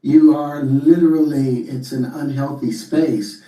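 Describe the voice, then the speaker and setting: A man speaking candidly in an interview clip, reflective, with halting restarts. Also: on the high side, steady tone. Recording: dark roomy sound, distant mic.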